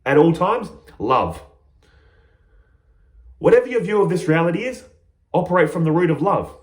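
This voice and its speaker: A man teaching spiritual ideas through an emphatic, animated parable. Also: high voice, fast talker. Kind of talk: storytelling teaching talk. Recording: roomy echo.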